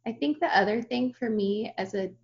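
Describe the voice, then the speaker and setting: A woman's voice: a little high, moderate pace, highs cut off. A woman in her thirties with young children, talking casually and reflectively as a podcast host, with lots of "like" fillers. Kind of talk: podcast conversation.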